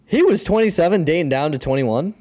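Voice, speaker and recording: A twenty-five-year-old man co-hosting a comedy podcast, joking and quick to laugh. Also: a little high, lively intonation, darkish tone. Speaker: podcast co-host. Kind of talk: casual comedic chat.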